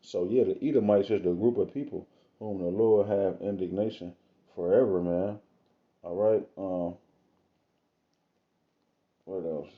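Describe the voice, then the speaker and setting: A man reading scripture aloud in a casual, slangy manner, with drawn-out asides between the verses, recorded on a phone or webcam. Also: sits low, phone-quality sound. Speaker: self-styled preacher.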